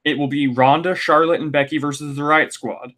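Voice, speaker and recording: A man's voice: fairly high pitch, fairly even intonation, fairly quick, fairly bright tone. A man hosting a casual podcast recap, ranting and exasperated, with frequent fillers and restarts. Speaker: podcast host.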